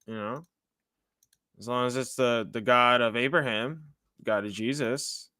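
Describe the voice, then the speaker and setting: A man preaching casually on a livestream, asking God questions aloud and chatting with viewers, with swings from loud declarations to hushed apologies. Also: medium pitch, fairly even intonation, unhurried, smooth, dry recording, clean studio sound. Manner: casual, chatty with viewers, uses "dude" and "you know". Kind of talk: casual livestream testimony and prophecy.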